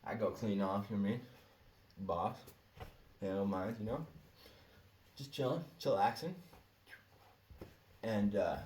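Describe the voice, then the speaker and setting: A laid-back man tells a long story in a slow, slangy drawl and laughs often. His voice sits a little low, and he is heard from a short way off the mic in an echoey room. A faint ambient hum runs behind him. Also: darkish tone, far from the mic. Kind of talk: casual storytelling monologue.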